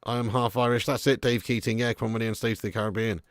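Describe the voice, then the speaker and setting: A man from England hosting a live football watch-along, chatting casually and reading viewer comments, with sudden excited bursts. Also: mid-range voice, quick pace, dry recording, clean studio sound. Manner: chatty, laddish, swings from mumbling to excited bursts.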